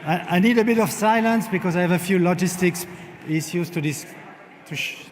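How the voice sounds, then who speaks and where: A man, an event organizer, giving halting logistics announcements on a conference stage, searching for words as he goes. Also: high voice, slight background noise. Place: large conference hall. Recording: long hall reverb.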